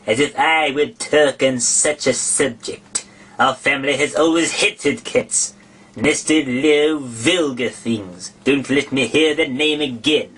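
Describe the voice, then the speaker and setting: A man voicing a touchy little mouse in a shrill, passionate, slow, trembling way for a storybook reading. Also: fairly bright tone, breathy edge. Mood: indignant. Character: touchy, indignant small mouse.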